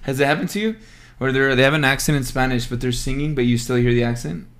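A man's voice: medium pitch, fast, fairly bright tone. A young man co-hosting a podcast, chatting casually and joking with a friend. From Mexico. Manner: joking, laughs a lot, slips into mock accents. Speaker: podcast co-host. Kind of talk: casual chat.

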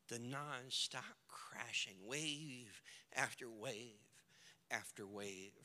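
Man, pastor, sermon, slow deliberate delivery, long hall reverb. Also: fairly high pitch. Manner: swings from hushed storytelling to shouted preaching, acts out characters.

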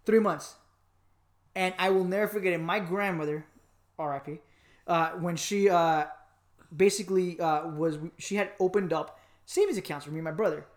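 A man from Miami telling a personal story in a casual podcast chat, animated and joking, with lots of fillers. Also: sits high, moderate pace. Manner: animated, joking, acts out voices, many fillers. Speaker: podcast co-host.

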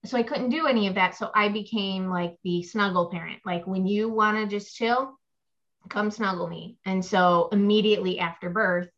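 A young mother chatting in a loose, rambling way, full of fillers. Her pitch sits in a middle range. The audio is a little dull and lo-fi. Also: a bit bright. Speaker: guest mom. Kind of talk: casual chat.

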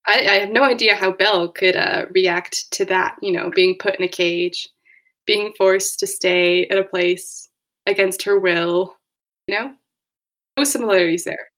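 A woman co-hosting a casual podcast chat, retelling scenes with quick laughs and playful quoted voices. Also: medium pitch, steady tone, fairly bright tone. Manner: laughing, storytelling, acts out lines in quoted voices. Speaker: podcast co-host.

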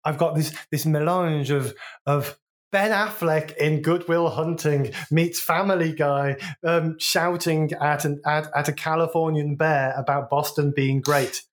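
A man's voice: on the high side, steady tone, measured pace. A man from Wolverhampton with a Wolverhampton accent, co-hosting a podcast in chatty, inquisitive conversation. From Wolverhampton, England. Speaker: podcast co-host. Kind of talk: casual chat.

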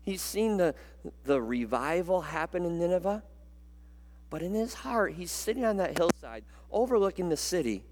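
Brief: male pastor, lively sermon delivery, pitch swings widely, long hall reverb. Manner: animated, repeats words, dramatic pauses.

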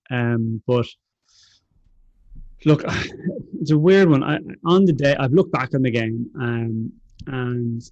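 Man, thoughtful halting analysis, lots of fillers, dry close mic. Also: mid-range voice, a little mellow, no echo, highs cut off. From Ireland. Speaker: guest analyst, former rugby player. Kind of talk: match analysis chat.

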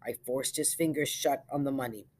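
A woman narrating a literary short story in a measured, lyrical way with soft trailing endings. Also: a bass voice. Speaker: audiobook narrator.

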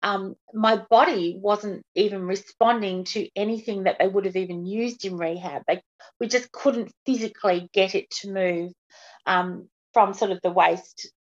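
Podcast guest, woman, mid-pitched, candid and earnest; muffled lo-fi sound. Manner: open, earnest, speaks frankly about hardship. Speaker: podcast guest, patient advocate. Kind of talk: candid personal interview. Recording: dull lo-fi audio.

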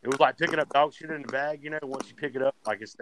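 A man's voice: medium pitch, racing, noisy background. A man telling profane stories in casual podcast chat. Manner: profane, animated storytelling. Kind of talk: casual storytelling.

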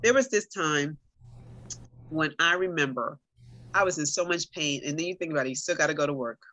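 A woman's voice: deep voice, a little fast, pushed and bright, dry recording. A middle-aged woman in casual conversation, telling her own story animatedly and talking straight to her listeners. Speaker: guest sharing her story.

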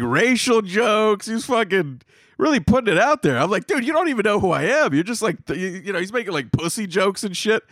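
A man's voice: sits high, dry recording, studio quality. A man hosting his own comedy podcast, telling rambling, profane stories in a casual monologue. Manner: profane, rambling, animated storytelling.

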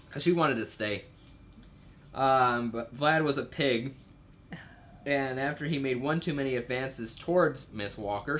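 A man's voice: medium pitch, a bit bright. A man casually recapping a TV episode's plot for a podcast, rambling with fillers and jokey asides. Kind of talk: casual chat.

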